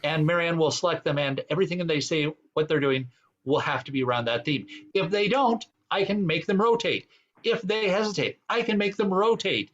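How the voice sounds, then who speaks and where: A man's voice: a little high, lively intonation, fairly quick, dull audio. A man hosting an online improv comedy game, explaining rules with plenty of fillers. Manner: rambling, many fillers. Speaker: improv show host.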